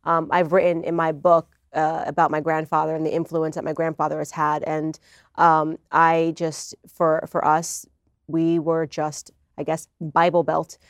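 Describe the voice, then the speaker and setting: American woman guest in an interview, low-ish voice, earnest and sure of herself, no room sound. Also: little pitch movement, measured pace, no echo, clean studio sound. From United States. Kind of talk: conversational interview.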